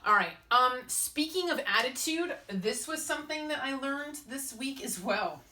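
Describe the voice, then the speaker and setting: A woman chatting in a casual vlog as a spiritual advisor, animated and self-mocking. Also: high voice, a little slow, distant mic.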